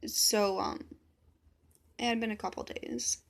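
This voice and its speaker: A woman's voice: fairly high pitch, steady tone, slow, creaky. A woman telling a personal story in a casual vlog, blunt and swearing freely as she quotes others. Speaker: vlogger.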